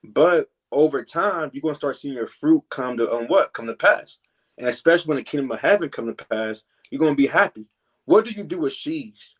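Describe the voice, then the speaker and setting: A man teaching from scripture in a relaxed preaching style, filling pauses with "man" and "you know" and reading verses slowly. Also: fairly high pitch. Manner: reads verses slowly and deliberately.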